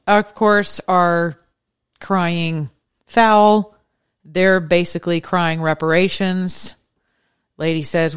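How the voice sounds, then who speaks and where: A woman's voice: low-pitched, smooth. A woman hosting her own podcast, giving earnest, conversational religious commentary in a preacherly way. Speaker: podcast host.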